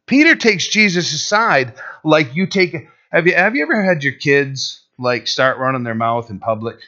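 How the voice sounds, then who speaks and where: A male pastor preaching a sermon, swinging between loud and hushed delivery and acting out quotes. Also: fairly high pitch, expressive, unhurried, hardly any pauses, dull audio.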